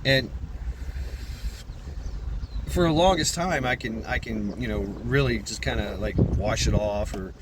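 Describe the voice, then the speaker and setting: A man's voice: lowish voice, measured pace, pauses often, background noise. A man talking casually to his channel's viewers, rambling and swearing, often repeating his words. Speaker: channel creator. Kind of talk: casual vlog monologue.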